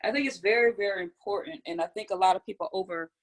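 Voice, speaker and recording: A woman hosting a motivational group conference call, urging listeners with energetic, repetitive, preacher-like phrasing and call-and-response, speaking into a phone or computer mic. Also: medium pitch, fast.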